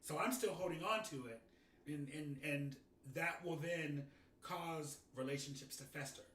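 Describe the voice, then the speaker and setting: A man's voice: on the high side, a little slow, a bit bright, roomy sound, distant mic, a little hiss or hum. A man co-hosting a casual chat, talking reflectively and restarting his sentences often. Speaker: podcast co-host.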